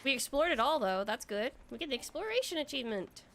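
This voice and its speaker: A young woman giving casual commentary while she plays an online game. She is excitable, swears freely and thinks aloud as she goes. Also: sits high, fast, slight background noise. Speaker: streamer playing an online game.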